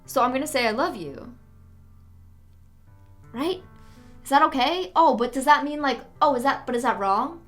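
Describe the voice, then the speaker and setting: A woman's voice: high-pitched, a little fast, a bit bright, faint music behind. A woman doing let's play commentary, flustered, second-guessing her choices and swearing. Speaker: gamer.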